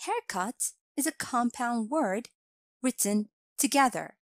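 A woman reads a scripted grammar lesson at a slow, careful pace. Her pitch sits a little high and moves up and down a lot. The recording is dry and close. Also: animated, no echo. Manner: slow, clear instructional delivery. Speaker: English teacher.

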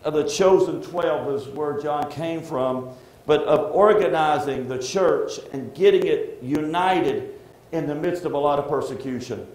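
A middle-aged man preaching a sermon as pastor, heartfelt and halting, often restarting his sentences. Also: a little high, a little mellow. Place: church sanctuary. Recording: echoey church room.

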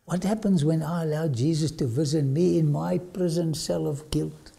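A man's voice: a little high, creaky, dark tone. A man preaching a dramatic sermon-style lecture, often dropping suddenly to a whisper. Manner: slow dramatic delivery with sudden drops to a whisper.

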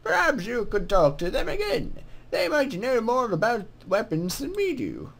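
A man voicing a calm, scholarly male goblin scribe in a measured, ponderous way. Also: very high voice, vocal fry, full character voice. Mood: pondering.

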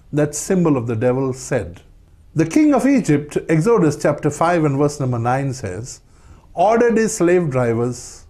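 Preacher, male, somewhat high mellow voice, animated delivery. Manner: emphatic, rising on key words, quoting scripture. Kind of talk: sermon.

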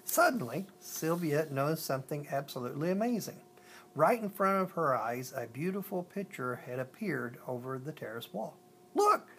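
A storyteller reading a children's picture book aloud. They often stumble and restart, and they slow down on lists. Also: mid-range voice, expressive, a bit bright, slight background noise.

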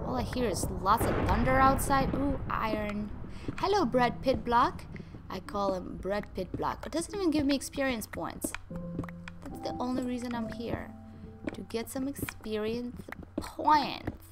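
Young woman gamer, chatty and playful, voice a bit high, music running underneath. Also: a little slow. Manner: chatty, playful, talks to viewers and her dogs. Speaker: gaming YouTuber. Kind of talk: casual gameplay commentary. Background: game music.

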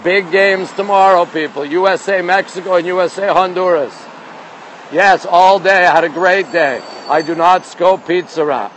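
A man's voice: a little high, fairly bright tone, slight background noise. Chatty middle-aged man streaming on city streets. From Montreal, Canada. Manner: chatty, greets viewers, repeats phrases, says "people". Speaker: live-streaming vlogger. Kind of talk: casual live-stream chat reading viewer comments. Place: outdoors on city streets at night.

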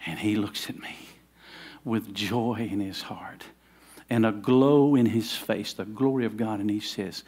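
A man's voice: fairly low pitch, unhurried, darkish tone, slightly rough. A middle-aged man, preaching a sermon in a conversational way that builds to fervent emphasis. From Southern United States. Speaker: pastor.

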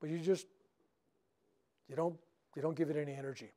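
A man's voice: fairly high pitch, fairly even intonation, a little fast, warm tone. An older man who is a minister, leading a workshop for a live group in a chatty storytelling way, often checking in with "right?". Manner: conversational storytelling with frequent "right?" tags. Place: spiritual center meeting room.

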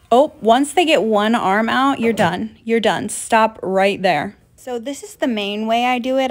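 Wry, joking young woman vlogger. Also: medium pitch. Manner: wry, deadpan jokes with sudden excited rises. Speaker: pet vlogger. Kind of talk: casual voice-over tutorial.

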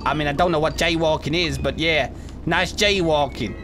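A man's voice: fairly high pitch, steady tone, fast talker, a bit bright, soft background music. A young man with an English accent, joking around in a roleplay game chat and spinning silly stories. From England. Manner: playful, cheeky, tells silly made-up stories. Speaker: YouTuber playing a roleplay character.

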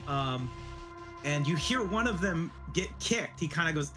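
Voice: medium pitch, very animated, unhurried. A game master narrating a tabletop game casually, with filler words. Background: music.

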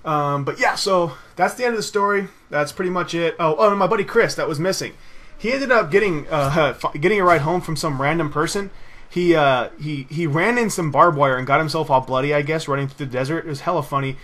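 A man's voice: fairly high pitch, brisk, fairly bright tone. A young man casually telling a rambling story over gameplay, swearing freely and laughing at his own tale. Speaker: gaming video host.

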